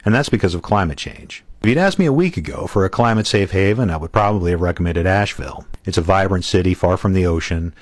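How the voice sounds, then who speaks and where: A man co-hosting a podcast, reading an article aloud in a steady, measured way. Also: low-pitched, dry recording. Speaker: podcast co-host.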